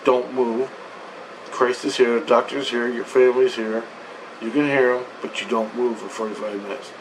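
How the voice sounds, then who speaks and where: A man voicing a stern, calm female priestess who lectures in a low, hushed, insistent way. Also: moderate pace, a little hiss or hum, close to an everyday voice, low-quality recording.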